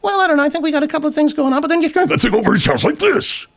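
A man imitating an acquaintance in a quick, high, chirpy voice. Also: big pitch swings, gravelly, full character voice. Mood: breezy. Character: hyped high-voiced man, fast and breezy.

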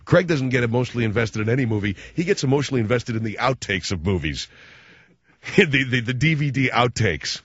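A man hosting a show, delivering a sarcastic comic rant that swings between loud mocking outbursts and low muttered asides. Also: animated, brisk, breathy edge, dry recording, highs cut off.

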